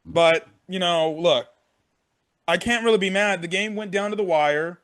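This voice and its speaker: A young man with a notably high-pitched voice talks through a game recap in a loose, unscripted way. He swears freely and keeps restating his points as he goes. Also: moderate pace, a bit bright, smooth. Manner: frank, profane, repeats himself. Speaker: sports fan vlogger. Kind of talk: casual game recap rant.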